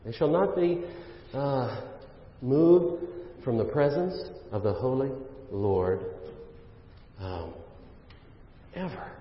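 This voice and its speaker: Pastor preaching in an echoey hall. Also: male voice, medium pitch, lively intonation, slow pace, long pauses. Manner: conversational preaching with fillers and asides, swelling for emphasis. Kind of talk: sermon. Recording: roomy hall reverb, dull lo-fi sound.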